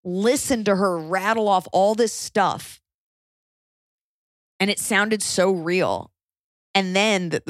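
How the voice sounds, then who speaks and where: A woman's voice: on the low side, no echo. Woman telling a story, dry close sound. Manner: animated, acts out quotes, swears when angry. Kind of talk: casual storytelling chat.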